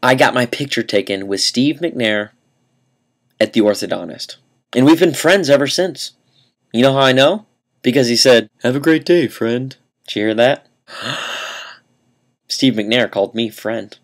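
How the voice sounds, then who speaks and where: A young man telling a comic story to camera, deadpan and mock-earnest, with dramatic pauses. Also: medium pitch. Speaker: vlogger.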